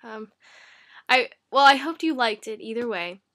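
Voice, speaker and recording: A woman's voice: on the high side, lively intonation, a little slow, bright, forceful tone. A woman book vlogger talking casually to camera from her bedroom, rambling and chatty, with lots of "like" and "um".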